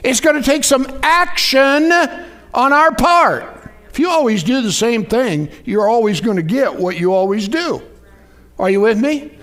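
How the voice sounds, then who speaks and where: A preacher with a strikingly high voice delivers a folksy sermon. He talks casually and keeps calling on the congregation to answer him back. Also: measured pace. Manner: lively, folksy preaching with call-and-response.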